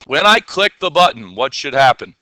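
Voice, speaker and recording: A man's voice: on the high side, sing-song, normal speed, bright, forceful tone, slight background noise. A man teaching a classroom coding lesson, asking his students questions and answering them himself.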